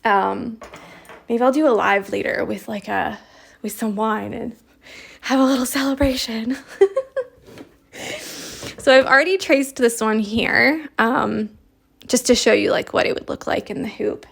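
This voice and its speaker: A woman's voice: fairly high pitch, measured pace, gravelly, pauses often, slightly rough. A young woman giving a chatty, upbeat embroidery tutorial, explaining step by step. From Canada. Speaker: embroidery teacher. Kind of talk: casual crafting tutorial.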